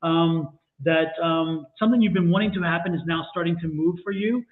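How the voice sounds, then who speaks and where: A man's voice: fairly high pitch, fairly quick, phone-quality sound. A man reading tarot on a casual livestream, playful and jokey as he talks. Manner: playful, jokey, lively storytelling. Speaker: tarot reader.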